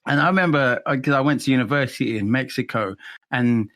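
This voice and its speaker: A man with an English accent chatting casually as a podcast co-host, halting and restarting often, with laughs between phrases. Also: mid-range voice, a bit bright. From England. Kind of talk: casual chat.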